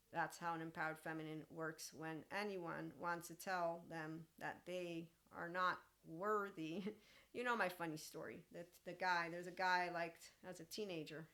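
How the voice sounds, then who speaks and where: A woman's voice: fairly low pitch, level tone, moderate pace, bright, forceful tone. A woman hosting a podcast, talking casually and animatedly, often laughing and acting out quoted lines. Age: young adult. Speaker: podcast host and mentor. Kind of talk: casual monologue.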